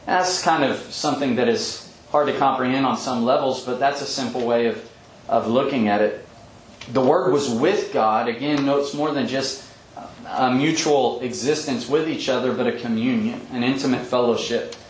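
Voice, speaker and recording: A man giving a verse-by-verse bible teaching, explaining thoughtfully with frequent pauses and ums. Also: mid-range voice. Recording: echoey room with faint background hum.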